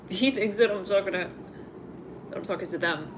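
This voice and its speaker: A woman's voice: mid-range voice, a little fast, background noise. A young woman doing a casual live tarot reading, rambling and blunt, full of filler words and swearing. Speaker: tarot reader.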